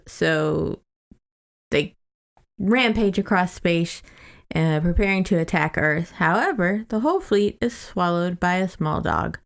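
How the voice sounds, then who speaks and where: A woman's voice: on the low side, animated, a little slow, gravelly. A young adult woman co-hosting a podcast, chatting casually as she sums up a book's plot with loose quoted asides. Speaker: podcast co-host. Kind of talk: casual book-club chat.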